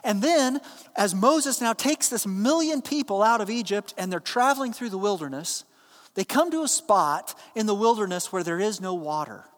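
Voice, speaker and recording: A pastor tells a story during his sermon in a plain, conversational way, dropping his voice low and soft whenever he speaks as the people in it. He's expressive and keeps a moderate pace, and the recording has a long reverb tail.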